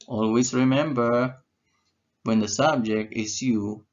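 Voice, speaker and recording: A man's voice: medium pitch, steady tone, takes it slowly, highs cut off. A man teaching an English grammar lesson, who asks questions and answers them himself and repeats key words. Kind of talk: slow, deliberate grammar lesson.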